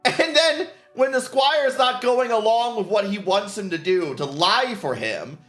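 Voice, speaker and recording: A man's voice: high voice, lively intonation, measured pace, a bit bright, reverberant, faint music behind. A man streaming casually, rambling and swearing with frequent laughter. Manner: rambling, profane, laughs often. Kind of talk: casual chat while painting.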